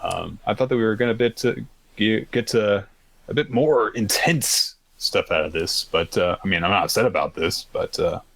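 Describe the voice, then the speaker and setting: A man co-hosting a podcast, casually recapping manga chapters, rambling and acting out characters' lines in quick pitched-up quotes. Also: vocal fry, a bit bright. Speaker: podcast co-host.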